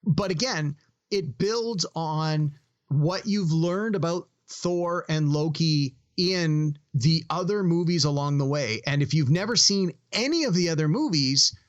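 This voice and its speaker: Measured man with a slightly high voice. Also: lo-fi sound. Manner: measured, deliberate explaining. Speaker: podcast co-host and movie recommender. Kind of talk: casual podcast chat.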